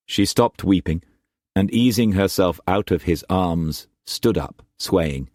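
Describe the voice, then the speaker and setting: A man narrating an audiobook in a measured, expressive reading. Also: low-pitched, dry recording, clean studio sound.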